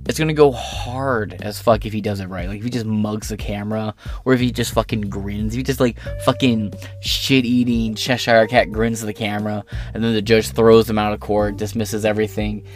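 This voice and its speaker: Guy with a lowish voice doing a profane sarcastic news rant, faint music under it. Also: steady tone, moderate pace. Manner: rambling, profane, sarcastic asides. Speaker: host of an online political commentary show. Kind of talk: casual political commentary, reading news aloud.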